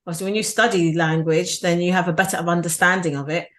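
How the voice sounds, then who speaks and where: A middle-aged British woman, a PR agency founder, talking in a casual interview, animated and full of restarts and "you know". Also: lowish voice, fast. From United Kingdom.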